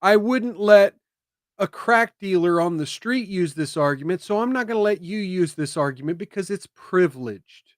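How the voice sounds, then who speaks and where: Man, high voice, political commentary host, emphatic, dry close sound. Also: expressive, normal speed, no room sound. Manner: emphatic, emotional, swings from loud to hushed.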